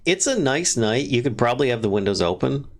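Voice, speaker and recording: A man narrating as the dungeon master of a tabletop game, chuckling often and pausing to restart his sentences. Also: medium pitch. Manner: laughs often, relaxed and unhurried with restarts.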